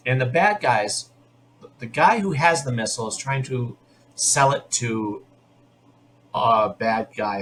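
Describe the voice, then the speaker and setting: A man hosts a podcast, talking through an episode in a loose, opinionated way. His voice sits in a middle range, and he talks in quick bursts, often restarting his sentences. A faint hiss of noise sits under the recording. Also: medium pitch, a bit bright. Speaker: podcast host. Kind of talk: casual episode recap.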